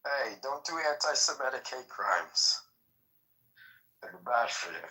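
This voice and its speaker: Bright-voiced man needling a guest. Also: medium pitch, animated, a little slow, low-quality recording. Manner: needling, provocative questions. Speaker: livestream guest. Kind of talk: casual livestream chat.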